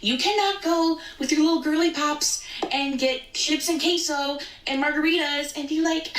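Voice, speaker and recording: A woman with a high, sharp-edged voice rants emphatically, repeating her points. She sounds set back from the mic in a reverberant room. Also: fairly even intonation, moderate pace, slight background noise. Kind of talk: social media rant. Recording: echoey room, voice far from the mic.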